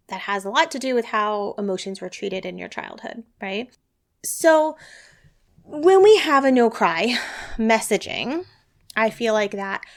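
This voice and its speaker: A woman hosting a solo parenting podcast. She talks in an earnest, reassuring, conversational way and often checks in with a quick "right?". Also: medium pitch. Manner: earnest and reassuring, lively emphasis. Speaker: podcast host, parenting educator.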